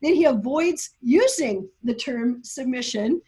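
A woman speaking as a guest scholar in an emphatic, lecturing way. Her voice sits high and carries a breathy, husky edge. She laughs now and then while pressing her points. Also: animated, unhurried, warm tone. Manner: lecturing, emphatic, laughs often, uses technical terms. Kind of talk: animated explanatory talk.

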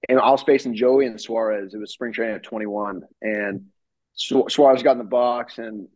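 A man's voice: fairly low pitch, moderate pace, no room sound, low-quality recording. A young man, a ballplayer guest, telling stories casually with lots of fillers, acting out the lines of the people in them, over a video call from his home studio. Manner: animated storyteller, acts out quoted exchanges, many fillers. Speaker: professional baseball pitcher, guest. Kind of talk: casual interview storytelling.

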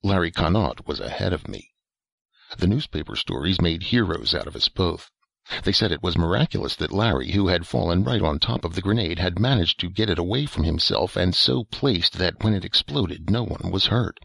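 Guy reading a first-person story, matter-of-fact, husky voice, dry close mic. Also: low-pitched, expressive, normal speed, fairly bright tone, no room sound. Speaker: narrator.

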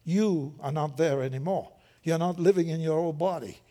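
Older male preacher, lively and mellow. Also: a little high, moderate pace. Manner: lively, conversational, joking asides. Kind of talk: sermon.

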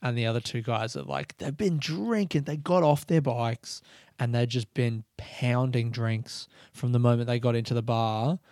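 A man hosting his own podcast, talking softly and quietly in his house late at night, rambling casually through stories. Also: mid-range voice, little pitch movement, normal speed, clear, resonant tone, no room sound, clean studio sound. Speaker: comedian podcast host. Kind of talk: casual solo podcast chat.

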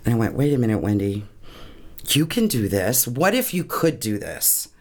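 A woman recounts a deeply personal experience in an interview, speaking earnestly. Her voice wavers with emotion, close to tears, and laughter often breaks through. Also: sing-song, normal speed. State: tearing up. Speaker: guest.

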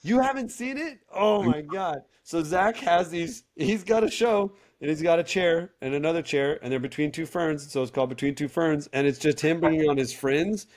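A man co-hosting a podcast in casual chat, animatedly recommending comedy shows. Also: on the high side. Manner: animated, retells comedy bits with quick acted quotes. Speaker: podcast co-host.

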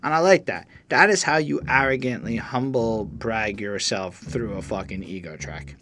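A man's voice: on the low side, normal speed. Blunt, swearing man reviewing an album. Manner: blunt, profane, animated. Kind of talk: casual review chat.

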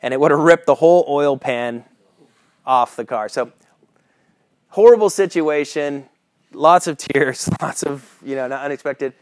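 A man's voice: on the high side, measured pace, clean tone, no echo. Casual storytelling preacher man, dry mic. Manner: casual storytelling with chuckles and asides; keeps asking "right?" as he preaches. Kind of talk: sermon with a personal story.

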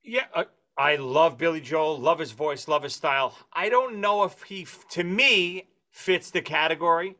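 A man's voice: a little high, normal speed, few pauses, pushed and bright. A man co-hosting a podcast who teaches music, chatting casually and laughing often. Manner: laughing, enthusiastic. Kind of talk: casual chat.

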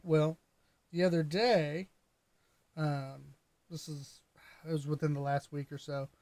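A young man co-hosting a casual podcast, telling family stories in an animated way and laughing often. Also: on the high side, slow pace. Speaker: podcast co-host.

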